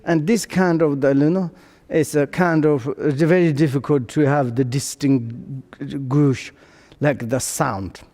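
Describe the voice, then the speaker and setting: Slow, halting older male Buddhist teacher. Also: on the high side, fairly even intonation, warm tone. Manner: halting, searching for words in second-language English. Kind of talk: dharma teaching. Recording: long hall reverb.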